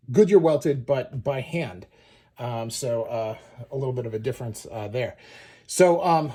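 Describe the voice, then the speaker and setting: A man hosting his own channel, giving a relaxed show-and-tell explanation with lots of fillers as he points things out. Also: medium pitch. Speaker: shoe channel host.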